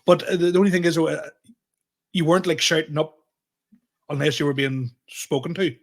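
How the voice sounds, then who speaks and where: A man's voice: on the high side, normal speed, gravelly. A man with a Northern Irish accent and a slight stutter, an easygoing comedian chatting on a podcast. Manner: easygoing, chuckles, says aye a lot. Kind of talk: casual chat.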